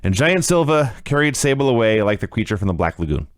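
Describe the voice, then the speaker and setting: A man co-hosting a casual podcast, recapping wrestling with sarcastic, animated commentary. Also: lowish voice, fast talker, no room sound, studio quality. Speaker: podcast co-host reviewing wrestling.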